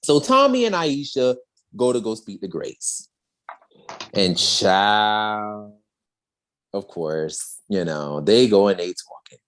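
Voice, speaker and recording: A podcast co-host recapping a story in a sassy, slangy, animated way, with acted quotes. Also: sits low, takes it slowly, long pauses, slight background noise. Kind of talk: casual chat.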